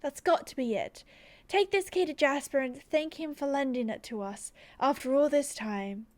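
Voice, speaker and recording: A woman reading as a cheerful young stable keeper from a horse game. Her voice rides high and bright, the lines rattled off quickly and brightly. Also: lightly acted. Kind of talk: reading game quest dialogue aloud.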